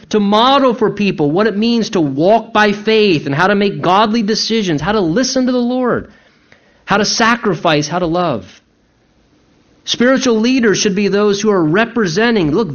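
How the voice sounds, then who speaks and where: A male pastor with a high-pitched voice delivers an earnest sermon, urging his listeners and hammering home key words. His pace swings between slow, weighty phrases and quick bursts. The recording sounds dull and muffled. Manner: earnest exhorting preacher, repeats key words, varies pace for emphasis.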